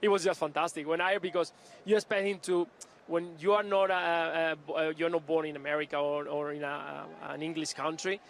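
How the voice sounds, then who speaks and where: Guy talking football live, kinda high voice, lots of uhs and restarts. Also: fairly even intonation, fairly bright tone, slight background noise. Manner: halting, many restarts and fillers. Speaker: football pundit. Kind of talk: live pre-match punditry.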